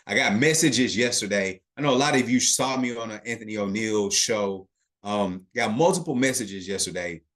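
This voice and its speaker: A man with a fairly low voice runs a live online investing class. He teaches casually and with emphasis, repeats his main points, and keeps turning to the chat with quick "okay" check-ins. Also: a bit bright. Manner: emphatic, talks straight to the chat audience.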